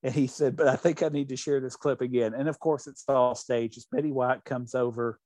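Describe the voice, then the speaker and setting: A man's voice: mid-range voice, steady tone, brisk, warm tone, dry recording. A man hosting a show in casual chat, retelling anecdotes in a rambling way with lots of restarts.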